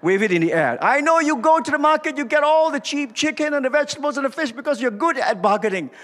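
An older pastor with a Malaysian English accent delivers a sermon in a large church auditorium, his voice very high and his delivery fast. He tells stories animatedly, acts out dialogue, and calls on the congregation to respond. The recording carries the reverb of the church hall.

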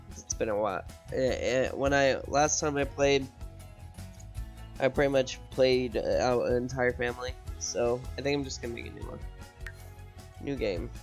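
A man streaming games at home, rambling and repeating words as he thinks aloud over faint music. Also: medium pitch. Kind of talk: casual gameplay commentary.

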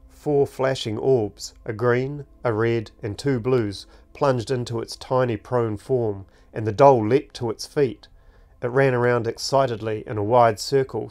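A man narrating his own fantasy book, reading slowly and deliberately. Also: medium pitch, a little mellow. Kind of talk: storybook narration.

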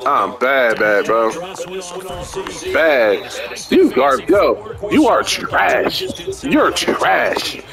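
A man's voice: mid-range voice, sing-song, very slow, creaky, long pauses. A man playing a football video game, mocking and taunting his opponent in profane casual trash talk. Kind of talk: casual trash talk over a headset chat. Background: video game crowd and commentary.

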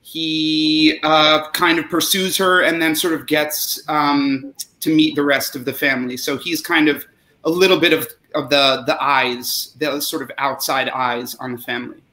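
Brief: male guest, bright and tense tone, roomy echo. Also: on the high side, fairly even intonation, unhurried. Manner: hesitant, searching for words. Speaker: guest actor. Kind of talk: casual chat over video call.

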